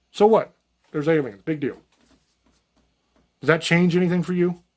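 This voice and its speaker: Man, channel host, slightly high voice, blunt folksy rant with swearing, unscripted. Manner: blunt, profane, folksy, rambling. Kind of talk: unscripted monologue to camera.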